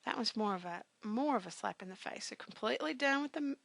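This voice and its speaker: A woman's voice: on the high side, expressive, fast talker, vocal fry, fairly bright tone, no room sound. A woman teaching business communications in a recorded grammar lecture, talking conversationally with frequent fillers and punchy emphatic asides.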